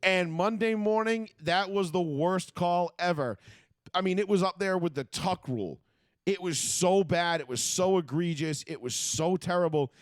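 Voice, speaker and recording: A man's voice: sits high, moderate pace, no room sound, clean studio sound. A man co-hosting a sports talk show, ranting with plenty of swearing in casual chat. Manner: profane, ranting, animated. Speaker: podcast co-host.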